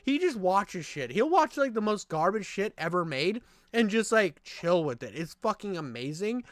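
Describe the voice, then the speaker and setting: A man ranting in casual chat, loud, profane and animated. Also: high voice, moderate pace, no echo, studio quality. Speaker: podcast co-host.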